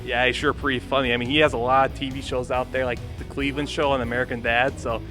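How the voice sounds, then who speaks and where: A man casually interviewing a guest about a film, asking relaxed questions with fillers. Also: medium pitch, quick pace, music in the background. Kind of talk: casual student show interview.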